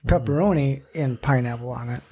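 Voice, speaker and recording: A man's voice: medium pitch, fairly quick, dark tone, slightly rough. A man co-hosting a casual podcast chat, blunt and swearing freely. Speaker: podcast co-host.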